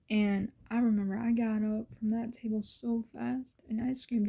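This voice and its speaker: A woman's voice: medium pitch, little pitch movement, moderate pace, vocal fry, hardly any pauses, mellow. A woman vlogger telling personal stories in an earnest, emotional way, often dropping to a whisper. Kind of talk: casual personal storytelling.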